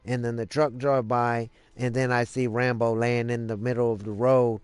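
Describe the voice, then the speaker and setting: A man's voice: mid-range voice, flat delivery, moderate pace, clean tone, no echo, faint music behind. A man live streaming, telling a story in a rambling casual way, cursing freely and leaning on lots of fillers. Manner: rambling, profane, many fillers.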